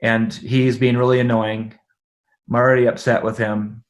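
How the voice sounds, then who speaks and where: Animated man telling a family story. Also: mid-range voice, normal speed. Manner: animated, acts out quoted dialogue, laughs often. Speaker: podcast guest. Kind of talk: conversational storytelling.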